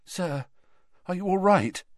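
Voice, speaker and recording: A man's voice: high voice, lively intonation, slow pace, no echo, clean studio sound, voice pushed up. A man doing an anxious teenage boy wizard. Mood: urgent.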